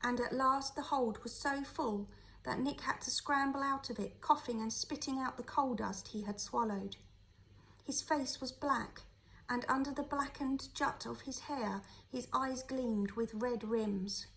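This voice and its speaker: A woman, a teacher, reading a children's novel aloud in a steady, clear storytelling voice. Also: high voice, measured pace, a little hiss or hum, low-quality recording.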